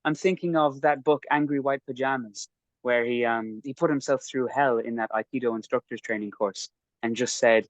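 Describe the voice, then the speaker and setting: A man's voice: medium pitch, fairly even intonation, moderate pace, no echo, poor audio. A man in casual podcast chat, telling a rambling, self-mocking story about his training. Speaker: podcast guest recounting training.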